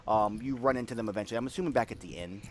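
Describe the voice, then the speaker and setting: A man's voice: fairly low pitch, racing. A young man narrating as game master of a tabletop game, talking loosely with plenty of fillers.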